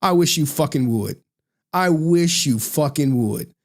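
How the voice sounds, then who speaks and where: A man's voice: a little high, lively intonation, unhurried. A man giving casual reaction commentary, blunt and profane, often repeating phrases for emphasis. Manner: blunt, profane, exasperated ranting.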